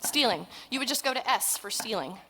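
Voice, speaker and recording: A woman in her forties, a parenting trainer giving a humorous conference talk, chatty and animated, with asides and self-deprecating jokes. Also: on the high side, brisk, slight background noise, poor audio. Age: 40s.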